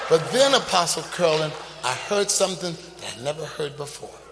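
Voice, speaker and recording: High-voiced preacher shouting testimony. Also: male voice, lively intonation, moderate pace, gravelly, noisy background. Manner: dramatic, swings between quiet telling and shouting. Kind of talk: sermon storytelling. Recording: reverberant hall with loud ambience.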